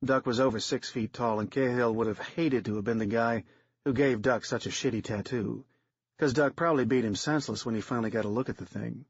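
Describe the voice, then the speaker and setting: Husky matter-of-fact man narrator. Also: medium pitch, fairly quick, no room sound, muffled recording. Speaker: audiobook narrator. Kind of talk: third-person audiobook narration.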